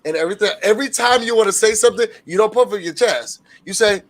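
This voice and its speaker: A man co-hosting a casual chat, animated, acting out other people's lines with soft gasps. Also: sits high, fast talker. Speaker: co-host.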